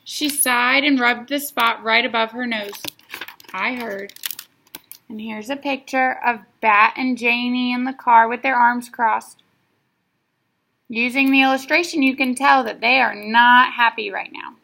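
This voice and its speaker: A woman reading a children's book aloud in an expressive storytelling manner. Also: fairly high pitch, a little slow, gravelly. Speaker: reader.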